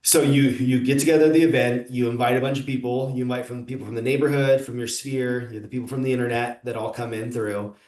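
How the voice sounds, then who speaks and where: A man's voice: mid-range voice, steady tone, quick pace, few pauses, darkish tone. A man hosting a casual interview, enthusiastic and affirming, laughing easily. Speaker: interview host. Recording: echoey room.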